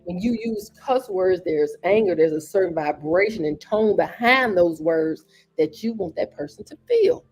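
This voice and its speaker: A woman's voice: on the low side, sing-song, normal speed, a little mellow, husky. A woman hosting a podcast, giving an earnest motivational talk and repeating phrases for emphasis. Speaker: podcast host.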